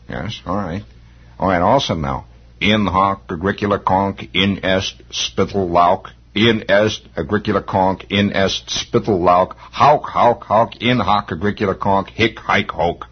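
A man with a raspy voice quoting a pompous middle-aged lodge leader chanting mock rites, on a lo-fi old radio recording. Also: fairly low pitch, unhurried. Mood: mock solemn. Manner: solemn mock ritual chanting.

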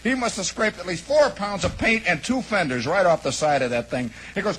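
A man from the American Midwest telling a long, animated personal story, rambling and acting out the shouts and lines of the people in it. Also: sits high, brisk, breathy edge, rough recording. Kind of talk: spoken anecdote, radio monologue.

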